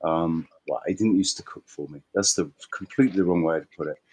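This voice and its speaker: Deep-voiced man, meandering and hesitant. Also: fairly quick, a little mellow, husky, low-quality recording. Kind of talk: casual chat.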